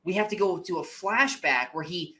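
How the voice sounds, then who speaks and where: A man's voice: high voice, normal speed. Ranting, exasperated male movie podcaster. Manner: animated, exasperated ranting with frequent swearing. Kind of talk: casual movie review chat.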